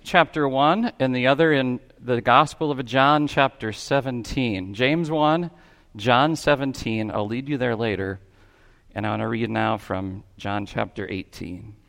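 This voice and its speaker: A man's voice: mid-range voice, long reverb tail. A man preaching a sermon in a church, talking in a conversational way and asking his listeners questions. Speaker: pastor. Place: church sanctuary.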